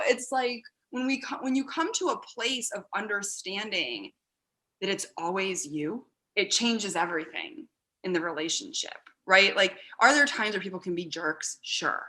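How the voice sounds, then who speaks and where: Woman podcast guest, bright and lively, chatty and candid, laughs easily. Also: mid-range voice, moderate pace. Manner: animated, laughing, acts out quoted lines. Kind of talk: casual conversation. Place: podcast recording with her husband beside her.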